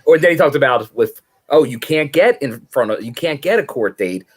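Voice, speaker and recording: Wry podcast co-host man, husky voice. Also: mid-range voice, lively intonation, normal speed. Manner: wry, dry jokes. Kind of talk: casual chat, wrestling review.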